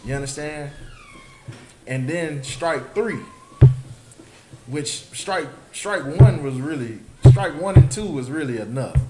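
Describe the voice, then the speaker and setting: This slightly high male voice is animated yet slow, with frequent pauses. He is preaching emphatically to a group in a scripture study and keeps asking his listeners whether they understand. The sound is roomy and noisy.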